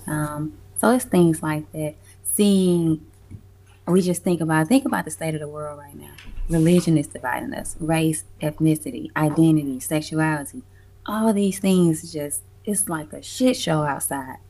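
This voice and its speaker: A woman with a low voice and a gravelly, fry-edged texture talks casually as an interview guest. She tells her stories with animated emphasis, breaks into laughter often and drops casual swearing. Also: normal speed. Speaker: guest, community music event organizer. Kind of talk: casual conversational storytelling.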